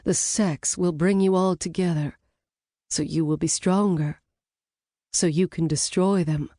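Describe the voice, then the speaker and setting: A woman's voice: fairly low pitch, takes it slowly, dark tone, no echo, clean studio sound. A woman putting on a sultry scheming seductress. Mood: ominous.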